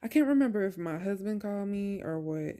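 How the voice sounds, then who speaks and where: A woman's voice: mid-range voice, expressive, fairly quick, mellow. A young woman vlogger telling a personal story in a casual, emphatic, colloquial way, with exasperated asides.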